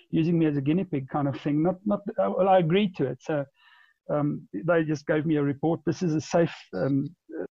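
A man in his forties tells a long story as a podcast guest, often stumbling over repeated words and restarting. His voice is gravelly and husky, pitched a little high, with a dark, mellow tone. The recording is dull and lo-fi. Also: dry recording. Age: 40s. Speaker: interview guest. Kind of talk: conversational storytelling.

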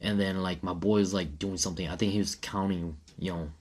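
A man in his thirties in casual chat, telling a story in an animated, slangy way and acting out what people said. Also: sits low, brisk, breathy edge.

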